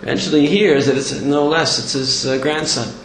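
A Torah teacher with a somewhat high voice and a slightly fast pace gives a lesson, animatedly telling stories and acting out the voices in them. The room is echoey with a faint hum.

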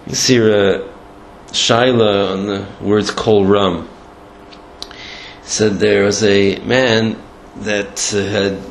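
A man giving a storytelling Torah lecture in a halting way, with many restarts and Hebrew and Yiddish terms. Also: lowish voice, fairly even intonation. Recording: echoey room, faint background noise.

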